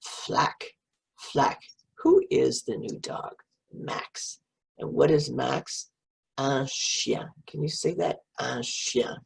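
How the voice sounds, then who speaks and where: A woman's voice: rumbling low, takes it slowly, creaky, husky. A middle-aged woman reading a picture book to children and coaxing them to repeat French words.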